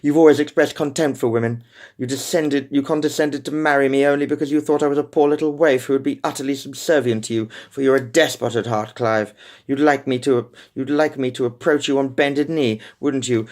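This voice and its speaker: A man reading an audiobook voices a defiant young wife who answers her husband in sharp, heated retorts. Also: mid-range voice, expressive, brisk, hardly any pauses, voice pushed up. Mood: scornful.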